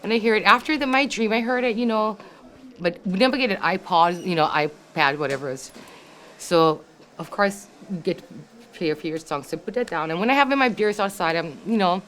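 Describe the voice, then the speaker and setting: An older woman, sharing an emotional family memory in a heartfelt, halting way, repeating herself and saying "you know" often. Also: mid-range voice, a bit bright, slight background noise. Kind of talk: emotional personal storytelling.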